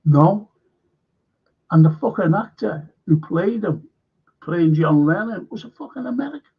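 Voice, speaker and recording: A man's voice: high-pitched, lively intonation, unhurried, vocal fry, breathy edge. A man hosting a live stream, rambling bluntly and swearing often. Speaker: show host. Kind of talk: casual live-stream chat. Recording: dull lo-fi stream audio.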